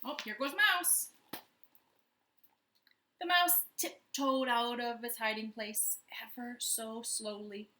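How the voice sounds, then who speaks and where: A woman, a children's librarian, reading aloud at storytime from her living room in a gentle, playful way. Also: on the high side, steady tone, slow, long pauses, reverberant.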